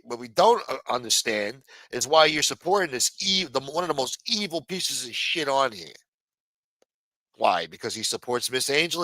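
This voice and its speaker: A livestream co-host with a fairly high, sharp voice rants angrily, scolding a viewer with plenty of profanity. The recording is dry and rough.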